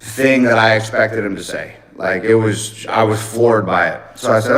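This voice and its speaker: A man's voice: on the low side, normal speed, few pauses, poor audio. A man telling a long personal anecdote on a livestream in a casual, rambling way with plenty of swearing. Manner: profane, rambling, animated retelling. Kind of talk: casual storytelling.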